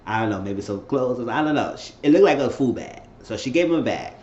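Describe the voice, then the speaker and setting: A man chatting through an episode recap in a relaxed, rambling way, pitched right in the middle for a man. The sound is roomy and a bit dull, like a home recording. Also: a little fast. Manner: loose, rambling retelling with restarts. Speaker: TV show reviewer on his channel.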